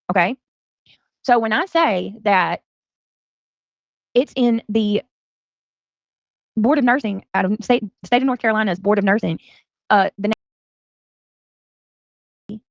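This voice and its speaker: A woman streamer with a medium-pitched, gravelly voice rants angrily at a rival, confrontational, sarcastic and profane. The recording is dry, dull lo-fi stream audio.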